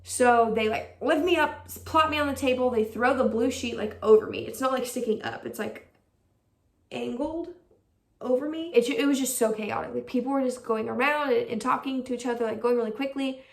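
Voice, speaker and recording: A woman's voice: on the high side, fairly quick, gravelly, roomy sound, recorded from a distance. A young woman vlogger telling a personal story in a casual, chatty way, full of "like" fillers and acted-out quotes. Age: young adult.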